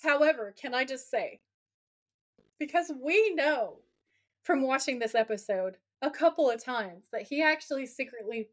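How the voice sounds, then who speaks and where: A woman with a fairly high voice co-hosts a casual podcast chat. She retells scenes with lively acted-out quotes and swears freely. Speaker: podcast co-host.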